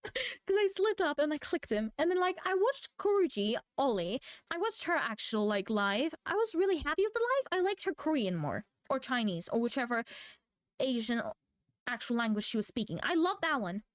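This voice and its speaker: A teenage girl ranting as a vlogger, telling stories in an animated, rambling way that keeps correcting itself. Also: sits high, moderate pace, no echo, clean studio sound. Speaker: VTuber vlogger. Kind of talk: rambling rant.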